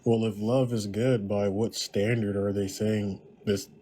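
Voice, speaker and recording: Man, caller, low pitch, monotone, measured arguer. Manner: measured, arguing a point with hesitations. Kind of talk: casual debate.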